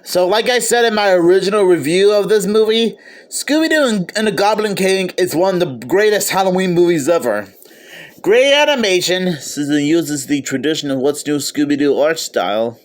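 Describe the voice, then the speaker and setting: A man's voice: high-pitched, animated, moderate pace. A man giving an eager, casual video review of a film, often stopping to restart or correct himself. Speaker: movie reviewer.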